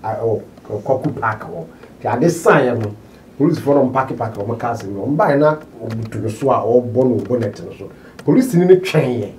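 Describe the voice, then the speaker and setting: A man's voice: medium pitch, darkish tone. A middle-aged man, a guest in a casual chat, speaking emphatically and switching between English and Twi. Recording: distant mic with faint noise.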